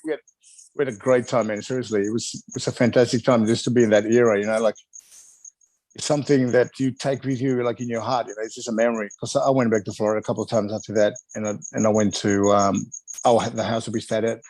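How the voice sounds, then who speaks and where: A middle-aged man, a retired wrestler, chatting as an interview guest, animated and laughing often while acting out other people's voices. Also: lowish voice, fast, dry recording, poor audio. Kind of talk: casual storytelling interview.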